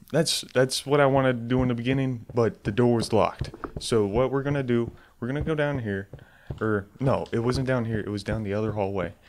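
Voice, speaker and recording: A man playing a horror game on camera, swearing often and yelping loudly when startled. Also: fairly low pitch. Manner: swears a lot, bursts into loud startled yelps. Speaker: let's play gamer.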